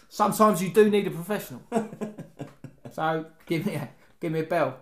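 A man's voice: fairly high pitch, a little slow, long pauses, fairly bright tone. A man co-hosting a podcast, bantering and reading out listener messages with frequent laughter. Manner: jokey, laughs often, reads messages aloud. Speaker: podcast co-host.

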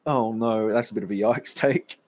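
A man's voice: fairly low pitch, moderate pace, a little mellow. A young man co-hosting a casual comedy podcast, making wry, swearing jokes as he recaps a show. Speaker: podcast co-host.

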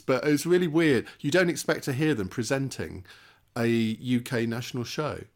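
Casual podcast co-host, wry and teasing man, mid-pitched, plain delivery. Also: expressive, normal speed. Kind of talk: casual chat.

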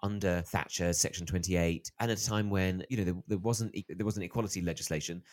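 A man in his thirties, an author being interviewed, telling stories in a lively way and acting out the voices of the people he quotes. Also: low voice, fairly quick. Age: 30s. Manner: animated storyteller, acts out quoted voices. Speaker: author guest. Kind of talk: interview conversation.

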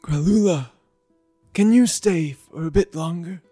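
A man voicing a kindly old stepfather in a tabletop game, his voice pushed high and quavering. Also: unhurried, mellow, slightly rough, soft background music. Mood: tender.

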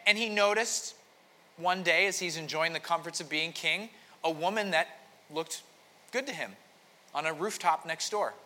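A man's voice: sits high, bright, forceful tone. A man preaching a conversational sermon, telling a story with frequent restarts. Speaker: pastor. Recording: long hall reverb.

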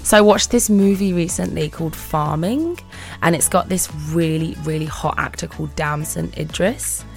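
A woman's voice: low voice, moderate pace, gravelly, faint music behind. A woman chatting as an interview guest, bubbly and laughing often as she acts out little voices in her stories. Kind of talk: casual chat answering questions.

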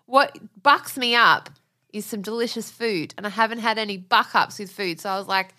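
Woman in her thirties, bright, laughs a lot, casual podcast chat. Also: medium pitch, normal speed. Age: 30s. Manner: laughs often, swears, chatty. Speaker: podcast co-host.

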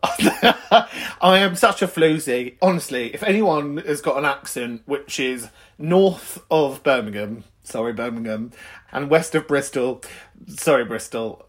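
Sweary, laughing podcast host. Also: mid-range voice. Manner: chatty, sweary, laughs a lot. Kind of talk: casual chat.

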